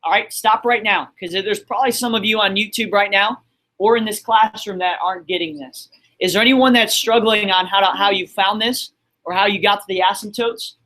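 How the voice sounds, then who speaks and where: A man's voice: high voice, steady tone, a little fast, pushed and bright. A man teaching a math class in a classroom, upbeat and encouraging as he quizzes his students. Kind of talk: classroom lesson streamed online.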